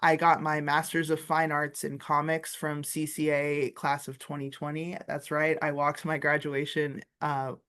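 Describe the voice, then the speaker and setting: A woman's voice: low-pitched, flat delivery, unhurried, hardly any pauses, a bit bright. Woman in her thirties, comics teacher, rambling casual interview talk over a video call from her studio. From Florida, USA. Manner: chatty, rambling, many filler words. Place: art studio, indoors.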